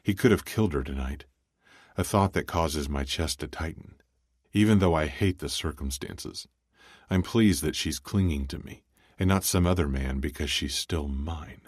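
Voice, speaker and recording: Man narrating with a very deep voice. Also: normal speed, darkish tone, slightly rough, no echo, studio quality. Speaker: audiobook narrator. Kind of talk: first-person audiobook narration.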